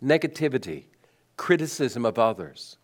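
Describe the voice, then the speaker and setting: A man preaching a sermon, asking rhetorical questions and letting his voice swing between high emphasis and low, quiet stress. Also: sing-song, normal speed. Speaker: pastor.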